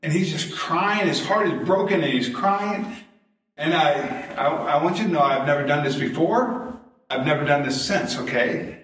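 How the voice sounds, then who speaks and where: A man's voice: a little high, animated, moderate pace, fairly bright tone. A middle-aged male pastor preaching a sermon, telling folksy stories and chuckling at his own jokes. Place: church sanctuary. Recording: very echoey church from a distance. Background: congregation responses.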